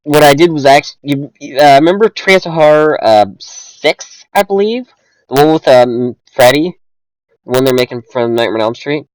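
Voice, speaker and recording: A man's voice: fairly high pitch, expressive, moderate pace, a little mellow, dry recording, low-quality recording. A young man co-hosting a casual movie review chat, rambling with many fillers and restarts. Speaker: podcast co-host.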